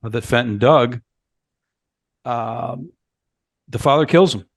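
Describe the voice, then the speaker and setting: A man's voice: mid-range voice, slow pace, creaky, no room sound, studio quality. A man co-hosting a horror movie podcast, casually recapping film scenes and acting out characters' lines. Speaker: podcast co-host. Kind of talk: casual movie review chat.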